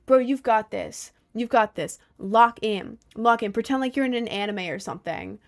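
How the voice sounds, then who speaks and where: A woman's voice: a little high, animated, moderate pace. A young adult woman streaming and chatting casually, reading viewer messages in a rambling way, with lots of fillers and frequent laughs.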